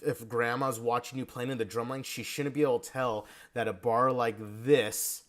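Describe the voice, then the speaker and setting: Casual male drum coach. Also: mid-range voice. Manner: casual, coaching, sings rhythms on syllables. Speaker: percussion instructor. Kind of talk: online drum lesson feedback.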